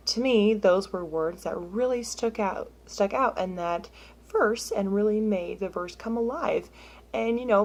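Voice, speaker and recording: A woman in her thirties talking a learner through practice steps in a casual, chatty way, with lots of fillers and check-ins. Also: mid-range voice. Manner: slows down and drops to a whisper when reading scripture aloud. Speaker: music teacher. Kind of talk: casual instructional talk.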